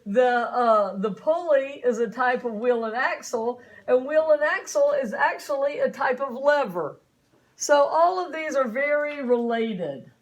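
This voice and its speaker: High-voiced chatty woman teacher. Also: measured pace. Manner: chatty, folksy, asks the class questions. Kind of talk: classroom lecture. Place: classroom.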